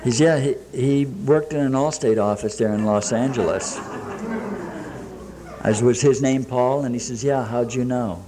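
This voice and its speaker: A man's voice: medium pitch, normal speed, crowd noise. A man telling his own recovery story to a meeting audience, in plain talk full of quoted dialogue and dry jokes. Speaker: speaker sharing at a recovery meeting. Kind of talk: personal recovery story told to a live audience. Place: meeting room with a live audience.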